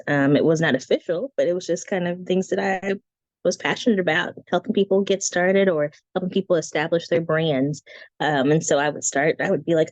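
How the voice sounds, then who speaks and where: Chatty woman with a squeaky voice. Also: no echo. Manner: chatty, animated, breezy asides. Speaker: branding guest teacher. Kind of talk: casual teaching talk. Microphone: video call. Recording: dry, dull lo-fi call audio.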